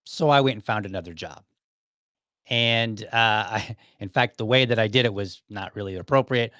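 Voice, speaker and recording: A man's voice: on the low side, normal speed, sharp tone, no room sound, clean studio sound. A man hosting his own podcast, casually telling a personal work story, acting out bits of dialogue and chuckling along the way. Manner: anecdotal, acts out quoted dialogue, chuckles often. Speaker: podcast host.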